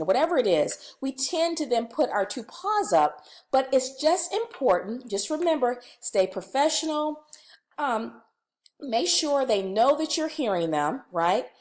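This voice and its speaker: A woman leading a recorded staff training on conflict, talking casually and acting out sample dialogue. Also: on the high side. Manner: lively, conversational, acts out sample dialogue.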